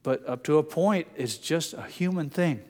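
A man preaching in a slightly higher-than-usual voice, talking plainly and using everyday anecdotes. He sometimes drops into a soft, hushed emphasis. A long reverb from a large church space trails behind his words. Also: lively intonation, normal speed. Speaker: pastor. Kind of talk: sermon.

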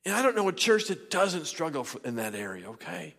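A man preaching a sermon in a church, swinging between loud shouting and near whispers. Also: on the high side, sing-song, fairly quick, vocal fry, in a large hall. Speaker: pastor. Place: church sanctuary.

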